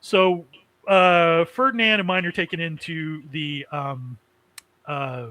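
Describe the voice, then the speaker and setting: Rambling high-voiced man recapping anime. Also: fairly even intonation, takes it slowly, bright, forceful tone, no echo, rough recording. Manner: rambling, chuckling, many fillers. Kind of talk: casual chat.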